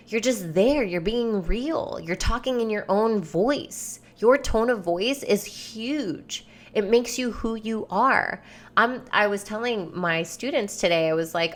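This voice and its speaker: A woman hosting her own podcast, talking candidly and loosely in a rambling monologue, swearing freely. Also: mid-range voice. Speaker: podcast host and coach. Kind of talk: casual solo podcast monologue.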